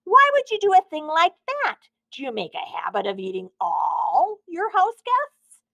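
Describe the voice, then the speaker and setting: A woman voicing a fussy, dramatic talking male doughnut in a storybook reading, shrill and indignant. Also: huge pitch swings, a little slow, vocal fry, sharp tone, no room sound, dull audio, heavily acted. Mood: shrieking. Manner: shrill, indignant, high-strung.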